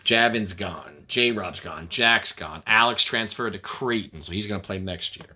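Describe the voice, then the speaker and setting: A man's voice: on the low side, measured pace, sharp tone. A man in a casual chat who talks bluntly in short fragments, swears freely, and runs through basketball news. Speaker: basketball fan breaking down team news.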